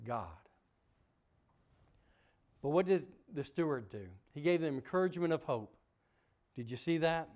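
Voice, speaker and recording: Guy preaching a sermon, kinda high voice, gets loud then drops quiet, lots of questions to the church. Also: lively intonation, unhurried, pauses often. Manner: emphatic preaching with sudden loud peaks and soft drops; asks the congregation rhetorical questions. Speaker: pastor.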